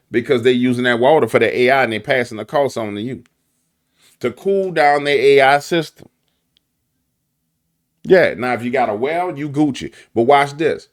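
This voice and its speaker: A man with a New Orleans accent giving animated, preachy conspiracy commentary full of slang and repetition. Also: medium pitch, moderate pace, long pauses.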